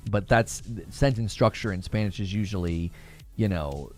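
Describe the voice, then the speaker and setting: A man's voice: deep voice, moderate pace, a little mellow, soft background music. A man chatting casually on a gaming live stream, rambling and correcting himself as he talks. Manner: rambling, self-correcting, laughs often.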